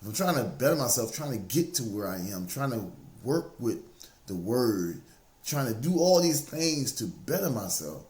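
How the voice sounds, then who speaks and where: In a casual, faith-based motivational talk, a man with a mid-range, darkish voice swings widely in pitch at a moderate pace. He drives his points home by repeating key phrases, and the recording has roomy, echoey acoustics.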